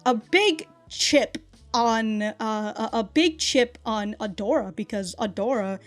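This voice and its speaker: A woman's voice: fairly high pitch, slow pace. A woman hosting a casual reaction commentary who swears a lot, laughs often and rambles with restarts. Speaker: reaction video host.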